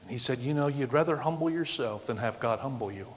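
A middle-aged man preaching a sermon with a loud, projecting voice, acting out the voices of the people he quotes. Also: medium pitch, lively intonation, fast talker. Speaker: pastor. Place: church sanctuary. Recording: long hall reverb.

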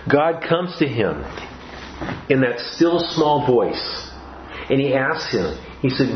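A man's voice: medium pitch, sing-song, slow, slight background noise. Male preacher, earnest, restarts often, roomy dull recording. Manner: earnest, with frequent restarts and repeated phrases. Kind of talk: sermon.

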